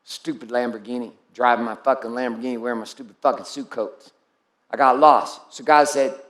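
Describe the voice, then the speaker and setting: A man's voice: mid-range voice, steady tone, fairly quick, fairly bright tone, echoey room. A man giving a blunt, profane and intense motivational speech to his group, calling on people by name. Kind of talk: live motivational speech to an audience.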